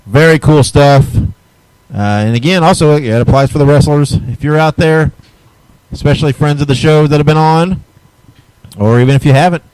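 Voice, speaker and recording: A man's voice: fairly high pitch, normal speed, darkish tone, smooth, dry recording, low-quality recording. A man hosting a wrestling podcast, chatting casually and reading out plugs for upcoming shows. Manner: easygoing, chatty, reads show plugs. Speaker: podcast host.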